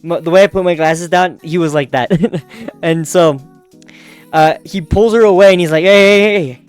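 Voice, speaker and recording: A man with a fairly high, smooth voice gives a loose, chatty manga recap full of fillers, laughs and swearing. Faint music plays underneath. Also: normal speed, a little mellow. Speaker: manga review host.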